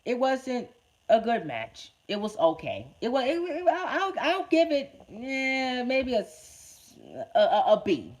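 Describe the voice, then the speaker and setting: A man reviews a wrestling show in a loose, podcast-style ramble. He trips over his words constantly, repeating them as he rants in exasperation. His pitch swings up and down a lot. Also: wildly swooping pitch, a little slow. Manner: stammering, repeats words often; ranting, exasperated.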